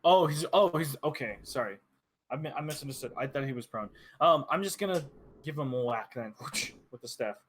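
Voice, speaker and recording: Man, tabletop player, casual, hesitant, thinking aloud, mid pitch, faint hiss. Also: expressive, a little fast.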